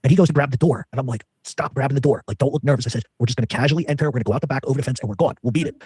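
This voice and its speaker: A man's voice: mid-range voice, rapid-fire, a little mellow, slightly rough, no room sound. A man telling a long rambling story as an interview guest, full of fillers and quoted dialogue.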